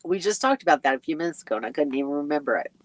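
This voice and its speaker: A woman's voice: low-pitched, animated, rapid-fire, dry recording. A woman hosting a casual live stream, reading viewer comments aloud and chatting in a rambling way with frequent ums and little laughs, sleepy and yawning. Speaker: RV travel vlogger hosting a live chat.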